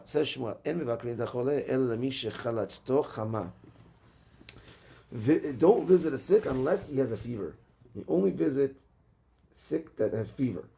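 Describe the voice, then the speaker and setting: A rabbi teaches Talmud in a relaxed, chatty way, a man with a gravelly, fry-tinged voice at an ordinary pitch. He reads the passage aloud, then explains it loosely, often stopping and restarting his sentences. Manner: casual, halting, with many restarts. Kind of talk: Talmud class, reading and translating.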